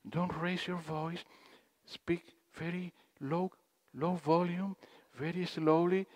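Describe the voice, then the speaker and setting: A man's voice: fairly even intonation, no echo. A man doing a spiteful woman in whispered role-play. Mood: hushed. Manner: hushed, slow and low. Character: obnoxious woman whispering spitefully, soft-spoken but mean.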